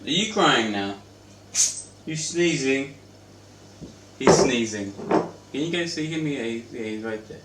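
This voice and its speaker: A man's voice: medium pitch, animated, slow pace, pauses often. A young man rambling and joking as he cooks in his home kitchen, chatting to his pet bird as he goes. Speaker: cooking vlogger. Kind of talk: casual cooking vlog. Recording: roomy echo, distant mic, faint noise.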